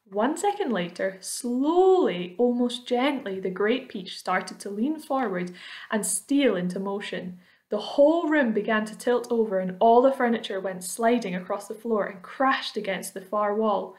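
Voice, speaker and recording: A woman reading a children's book aloud in a friendly way, pausing to explain the story to young listeners. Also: mid-range voice, lively intonation, a little mellow.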